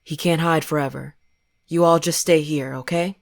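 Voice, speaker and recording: A woman voicing a police officer who gives brisk, businesslike instructions. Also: deep voice, steady tone, vocal fry, no echo, studio quality. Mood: firm.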